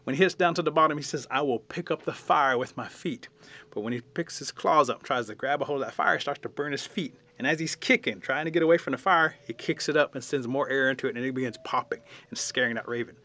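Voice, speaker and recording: A Cherokee Nation storyteller, a man, telling a traditional animal tale in an animated, dramatic way and acting out the scenes. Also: medium pitch, fast talker, hardly any pauses.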